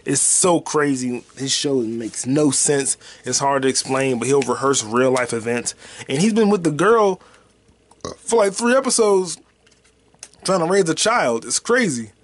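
A man hosting his own podcast in loose, profane, slangy chat, with excited bursts and quiet mutters as he reads comments. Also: medium pitch, unhurried. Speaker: podcast host. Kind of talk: casual solo podcast chat.

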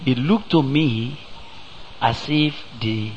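Slow, emphatic male preacher with a Nigerian accent. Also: medium pitch, lo-fi sound, slight background noise. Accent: Nigerian English. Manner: slow, emphatic preaching with rhetorical questions and sudden loud rises. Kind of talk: sermon.

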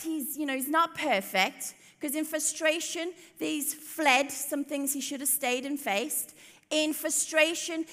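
A woman's voice: high-pitched, sharp tone. A woman preaching a sermon, telling the story expressively and with emphasis, in a church hall. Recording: long hall reverb.

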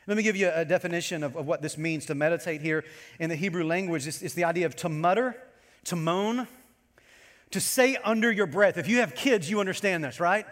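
Pastor guy preaching, highish voice, lots of stories, big echoey church. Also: fairly quick. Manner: animated preaching with storytelling asides. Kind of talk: sermon.

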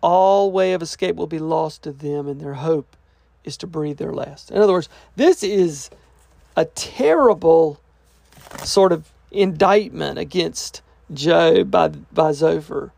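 A man's voice: fairly high pitch, takes it slowly, vocal fry, a little mellow, no room sound. A man teaching through a scripture passage verse by verse, reading each part aloud and then restating it in plain, casual words. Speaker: Bible teacher.

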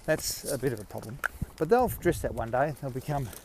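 A man's voice: mid-range voice, lively intonation, a little fast, noisy background. Chatty Australian man walking outdoors. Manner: chatty, self-mocking, rambling with restarts. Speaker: podcast host. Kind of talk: casual rambling monologue.

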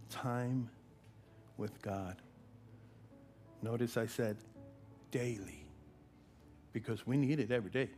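A man preaching a sermon, building from quiet talk to loud, shouted repetitions with drawn-out phrasing. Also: mid-range voice. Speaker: pastor.

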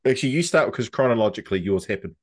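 A man's voice: mid-range voice, expressive, racing. A young adult man with a New Zealand accent, co-hosting a podcast, telling surf stories in a rambling, laid-back way and swearing freely. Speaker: podcast co-host. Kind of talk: casual storytelling chat.

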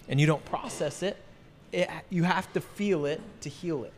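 Breathwork coach guy, sure of himself, a bit higher voice, echoey room, little hiss. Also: a little fast. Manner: confident, affirming. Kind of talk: casual podcast talk. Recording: reverberant room with faint noise.

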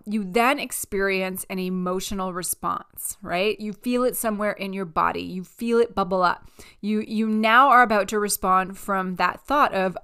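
Smooth-voiced enthusiastic woman podcaster. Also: medium pitch, expressive, normal speed, a bit bright. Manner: enthusiastic, repetitive phrasing, speaks directly to listeners. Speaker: podcast host, life coach. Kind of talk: upbeat motivational podcast talk. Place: at home with her dog.

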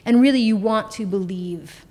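A middle-aged woman, a podcast guest, telling her story in a blunt, profane and animated way. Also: medium pitch, normal speed. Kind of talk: candid conversation.

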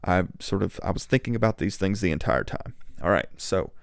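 Chatty young man with a gravelly voice. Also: deep voice, a little fast, no room sound, studio quality. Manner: chatty and rambling, prone to tangents. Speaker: movie reviewer. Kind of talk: casual ranking vlog.

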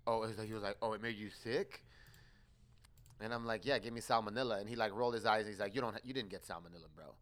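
A young man on a podcast telling a story in casual chat, animated and swearing as he acts out his quoted exchanges. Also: on the low side, quick pace.

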